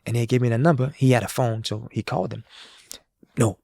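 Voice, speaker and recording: A man's voice: mid-range voice, a little fast, creaky. A man, a street musician, telling a story in casual talk and acting out the dialogue of the people in it. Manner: animated, acts out quoted dialogue.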